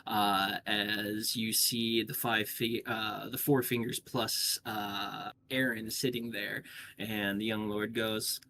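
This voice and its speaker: A man narrating as game master of a tabletop game, halting with many filler sounds. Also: fairly low pitch, level tone, bright, forceful tone, a little hiss or hum.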